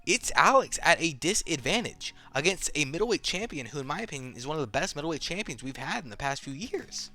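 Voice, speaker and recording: A man's voice: medium pitch, bright, forceful tone. A young man ranting casually as an MMA commentator, rambling, opinionated and swearing often.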